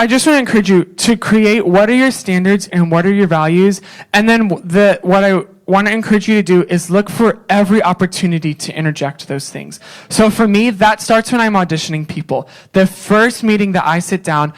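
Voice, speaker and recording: A young man, a worship leader, speaking candidly and casually at a church conference session, with many fillers. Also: high voice.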